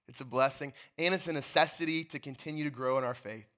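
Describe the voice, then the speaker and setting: A man's voice: mid-range voice, quick pace, bright, forceful tone. A man preaching a sermon to a congregation, earnest and emphatic, repeating key phrases for stress. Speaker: pastor.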